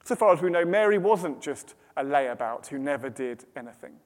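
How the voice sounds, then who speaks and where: A British man preaching a sermon, telling a story in a lively way and then dropping to hushed, slow dramatic pauses. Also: on the high side. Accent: British English. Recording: long hall reverb.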